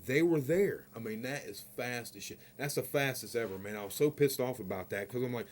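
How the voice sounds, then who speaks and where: A man in the middle of a heated vlog rant, his voice neither high nor low. He rambles through his story, swears freely and keeps checking in with his listeners. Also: fairly quick, a little hiss or hum. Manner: peppers talk with "you know what I mean". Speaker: vlogger.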